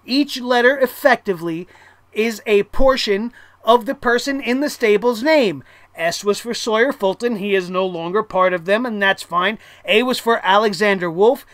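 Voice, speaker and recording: A blunt, sarcastic reviewer tears into the latest show, swearing freely and breaking into loud exasperated outbursts. Their voice sits at an ordinary middle pitch and sounds close and dry, with no room behind it. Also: normal speed, no echo. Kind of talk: casual ranting show review.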